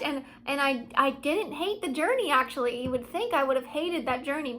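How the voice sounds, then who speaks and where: A young woman with a high, light voice speaks to camera in a confessional vlog. She sits at home and muses in a dreamy, soul-searching way, drifting from hushed asides to bright, excited bursts. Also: moderate pace, a little hiss or hum. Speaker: vlogger. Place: at home, seated.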